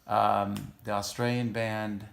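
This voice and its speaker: A man, a musician, in casual chat who speaks haltingly and searches for his words. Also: fairly low pitch, flat delivery, vocal fry. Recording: echoey room.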